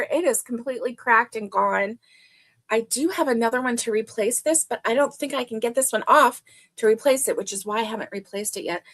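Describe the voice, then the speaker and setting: A middle-aged woman hosting a casual livestream, chatting warmly and greeting viewers by name. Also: a little high. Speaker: livestream host.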